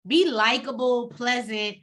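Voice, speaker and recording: Woman recapping reality tv, blunt and cussing a lot, bright voice. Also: on the high side, unhurried. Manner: blunt, profane, animated storytelling with acted quotes. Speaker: co-host of a TV recap show. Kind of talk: casual reality TV recap chat.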